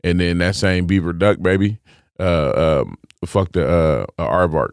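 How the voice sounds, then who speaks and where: A man who is a stand-up comedian and podcast co-host, telling stories in a loud, confident way in casual chat. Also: deep voice, dry recording, clean studio sound. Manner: fast, loud, confident storytelling.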